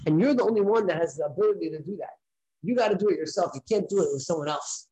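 A rabbi talks rapid-fire in a high-pitched, dark-toned voice during a casual daily lesson, repeating points and asking rhetorical questions conversationally. The recording quality is low.

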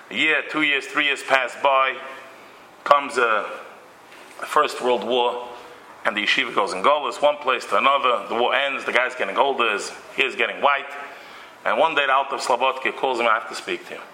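A man giving a Torah lecture, mixing in Yiddish and Hebrew terms and acting out little scenes, sometimes with sudden loud outbursts. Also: medium pitch, echoey room, a little hiss or hum, poor audio. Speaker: rabbi giving a Torah talk.

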